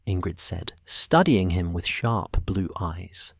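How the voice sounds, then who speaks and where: A man narrating a bedtime sleep story slowly and softly, sometimes dropping to a whisper. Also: sits low, no room sound, studio quality. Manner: slow, soft, partly whispered.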